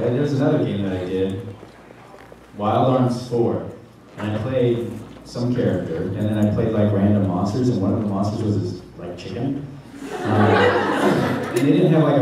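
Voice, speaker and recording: A man's voice: lowish voice, distant mic. A male voice actor at a convention panel Q&A, telling rambling stories and making fun of himself. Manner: joking, self-mocking, rambling storyteller. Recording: echoey hall, mic heard from afar, noisy.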